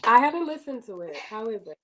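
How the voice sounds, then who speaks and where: Animated higher-voiced woman co-host. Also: fairly quick, rough recording. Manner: animated, emphatic, repeats herself. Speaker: podcast co-host. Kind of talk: casual chat.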